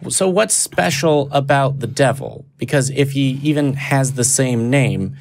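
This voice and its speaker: A man co-hosting a podcast, riffing in a quick, playful way. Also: mid-range voice. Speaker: podcast co-host. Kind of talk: casual panel discussion.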